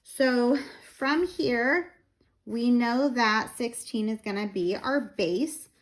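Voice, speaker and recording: A woman, tired and a little out of breath, slowly explaining a math lesson step by step with fillers. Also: a little high. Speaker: math teacher.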